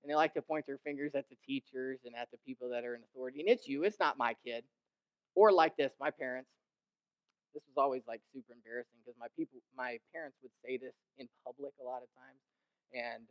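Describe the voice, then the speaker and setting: A young man preaching a sermon, animated and conversational, who slips into mimicking the people he describes and rises in pitch and volume to drive a point home. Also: clean tone, highs cut off. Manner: animated, mimics others in quoted asides, rises in pitch and volume when emphatic. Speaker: pastor.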